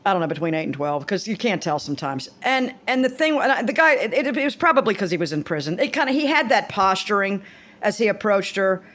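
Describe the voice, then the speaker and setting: A woman's voice: mid-range voice, expressive, quick pace, a bit bright. Blunt rambling woman vlogger. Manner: rambling, blunt, swears freely, frequent restarts. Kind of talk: casual monologue to camera.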